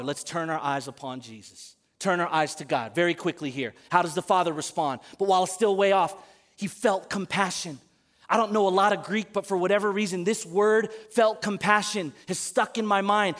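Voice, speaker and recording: A man preaching a sermon to a congregation, animated, moving between loud emphatic calls and quiet asides. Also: sits high, moderate pace. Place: church service in front of a congregation.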